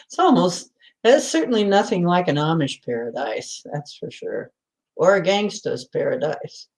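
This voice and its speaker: A woman's voice: on the low side, very animated, moderate pace, darkish tone. A middle-aged woman hosting a casual live chat, laughing often and reading out viewers' comments. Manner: giggly, laughs often, reads comments aloud. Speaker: livestream host.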